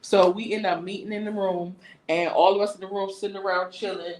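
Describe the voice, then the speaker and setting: A woman casually telling a story on a talk stream, lively and slangy. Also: medium pitch, a little fast, echoey room, rough recording. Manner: lively, animated retelling with slangy asides.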